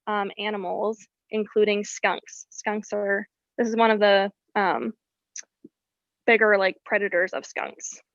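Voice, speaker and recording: A woman, a wildlife educator, giving an explanatory presentation about birds and often pausing on "um". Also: a little high, fairly bright tone, no echo, lo-fi sound. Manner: explanatory, with frequent ums.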